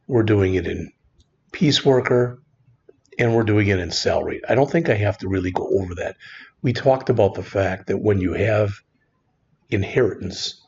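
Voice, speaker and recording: A man teaching a screen-recorded programming lesson in a relaxed, conversational way, often saying "all right". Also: fairly low pitch, vocal fry, breathy edge, highs cut off. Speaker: programming instructor.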